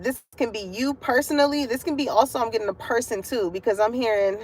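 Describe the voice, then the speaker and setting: A woman with a slightly high voice reads tarot cards for her audience from a parking lot. She keeps it loose and conversational, peppering the reading with curses and frequent laughter. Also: fast talker, hardly any pauses, a little mellow, soft background music. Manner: chatty, profane, laughs often. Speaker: tarot card reader. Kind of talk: casual spiritual reading to viewers.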